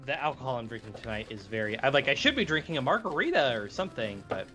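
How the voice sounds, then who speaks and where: A man's voice: mid-range voice, very animated, fast talker, pushed and bright. A man co-hosting a podcast, chatting in a rambling way with lots of fillers. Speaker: podcast co-host. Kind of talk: casual chat. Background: game music.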